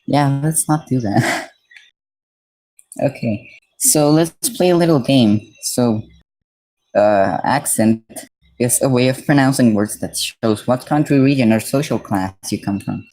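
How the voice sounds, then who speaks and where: Mellow-voiced man reading a dictionary aloud. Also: mid-range voice, a little slow, poor audio. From Mexico. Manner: reads definitions aloud, breaking off to chat casually with viewers. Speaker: streamer.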